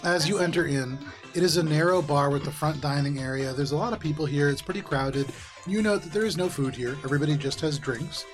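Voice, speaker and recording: A man running a tabletop game as game master, narrating scenes in a relaxed, descriptive way with frequent ums. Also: fairly high pitch, brisk, soft background music.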